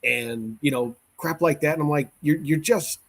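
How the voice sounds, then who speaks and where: A man's voice: a little high, moderate pace, gravelly. Man with an opinionated joking manner. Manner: opinionated, joking, often restarts sentences. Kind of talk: casual podcast chat.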